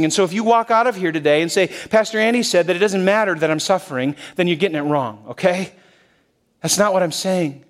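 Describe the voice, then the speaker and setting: A male pastor preaching a sermon in a church, shifting between loud emphasis and hushed softness. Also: sits high. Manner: expressive, swings from loud to hushed.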